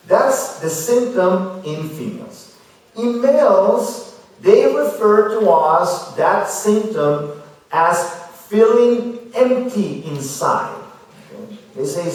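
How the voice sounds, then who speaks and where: High-voiced man lecturing in echoey hall. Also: animated, a little mellow, far from the mic. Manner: measured, explanatory, addresses audience with "okay?". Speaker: guest lecturer on mental health. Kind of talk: public lecture to students. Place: school hall.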